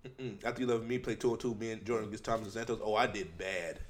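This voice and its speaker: A man's voice: lowish voice, fairly even intonation, fast talker, a little hiss or hum. A man hosting a casual chat, loose and jokey, rambling with restarts. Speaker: podcast host.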